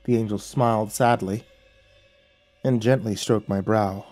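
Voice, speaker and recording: Husky, dark-voiced horror narrator man. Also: lowish voice, soft background music. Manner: measured, grave storytelling. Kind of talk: first-person horror story narration.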